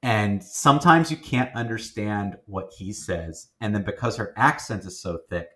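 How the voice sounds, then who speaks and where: A man with a lowish voice chats casually about films as a host. He rambles along, circling back with fillers and restarts. He sounds easygoing and conversational. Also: moderate pace, bright, forceful tone. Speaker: film review host. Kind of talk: casual movie review chat.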